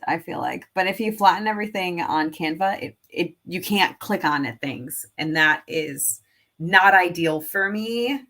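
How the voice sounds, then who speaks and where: A woman's voice: lowish voice, a little slow, a bit bright. A woman who teaches and sells online, giving a casual screen-share tutorial in a rambling way full of fillers, laughing at herself now and then.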